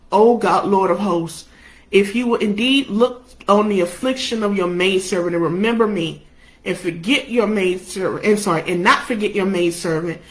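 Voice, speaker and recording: A woman's voice: mid-range voice, poor audio. A young adult woman preaching a sermon, impassioned, her delivery rising and falling with emotion.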